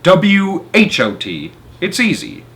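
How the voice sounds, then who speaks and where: A man's voice: high-pitched, wildly swooping pitch, slow pace, a bit bright, pitched above the performer's own voice, full character voice. A man voicing a cheeky, overconfident young schoolboy in a storybook reading. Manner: cheeky, eager.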